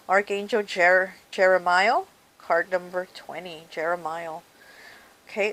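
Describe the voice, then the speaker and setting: A woman's voice: mid-range voice, moderate pace, fairly bright tone, low-quality recording. A woman doing a casual tarot card reading, talking straight to the viewer in a chatty way and often saying "okay" and "you know.". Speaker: tarot reader.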